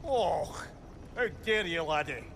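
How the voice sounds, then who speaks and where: A man's voice: on the high side, lively intonation, slow pace, gravelly, a bit bright, slight background noise, exaggerated voice. A man voicing a witty, chatty male talking head in a video game, teasing and fond of riddles and puns. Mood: playful. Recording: game audio with music behind.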